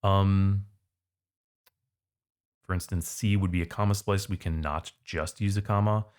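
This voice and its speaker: Man, SAT tutor, deep voice, relaxed chatty walkthrough of answers. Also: measured pace, clean tone. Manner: casual, conversational explaining. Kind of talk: test prep walkthrough.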